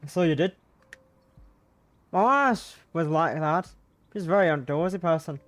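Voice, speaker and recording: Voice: mid-range voice, lively intonation, unhurried, no echo, natural voice. A streamer voicing a chatty, kindly middle-aged man with an attempted Glaswegian accent, in a visual novel read-aloud.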